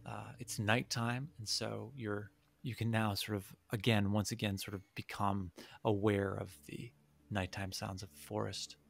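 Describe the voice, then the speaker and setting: A man's voice: on the low side, level tone, gravelly. A man narrating as game master in a tabletop game, hesitant with many fillers. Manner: halting, lots of fillers.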